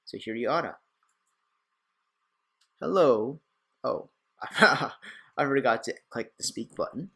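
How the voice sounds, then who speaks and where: A young man hosting a casual screen-recorded software tutorial, chatty and rambling with self-deprecating asides. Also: mid-range voice, a little slow, husky. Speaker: tech tutorial host.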